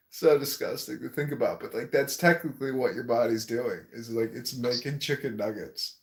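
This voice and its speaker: A man chatting casually on a podcast, crude and animated, prone to laughing. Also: a little high, moderate pace.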